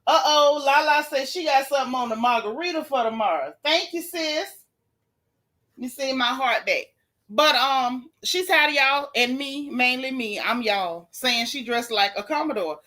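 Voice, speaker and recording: Sassy chatty woman, bright voice. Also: sits high, normal speed. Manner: sassy, chatty, Southern Black vernacular on purpose. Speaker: reality TV recap host. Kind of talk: casual gossip recap reading live chat.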